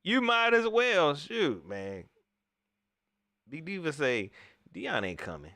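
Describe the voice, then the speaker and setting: A man hosting a casual post-game livestream, slangy and animated, often repeating himself. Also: sits high, a little slow, pauses often, no room sound, studio quality. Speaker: sports talk show host.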